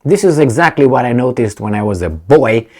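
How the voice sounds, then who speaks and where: A man's voice: medium pitch, lively intonation, fairly quick, darkish tone, slightly rough. A man from Romania, reading news reports aloud and breaking in with sarcastic, mocking asides. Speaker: political commentator.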